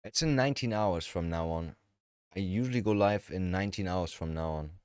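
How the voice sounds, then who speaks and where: A man's voice: low-pitched, a little fast, a little mellow, clean tone, no room sound, studio quality. A man streaming, making offhand and profane casual commentary.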